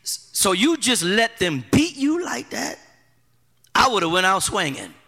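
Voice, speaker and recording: A skeptical everyday man keeps prodding with disbelieving questions, as a preacher puts him on. His voice is bright and somewhat quieter than the preacher's usual delivery. The big sanctuary adds a long echo. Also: high-pitched, very animated, measured pace, full character voice. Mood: incredulous. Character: incredulous ordinary man questioning a friend.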